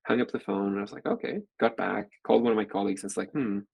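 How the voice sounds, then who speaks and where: A man's voice: lowish voice, flat delivery, very fast, creaky, darkish tone, slightly rough. A man in his forties, a venture capital partner, telling a long story in a casual interview, rambling with lots of "like" fillers.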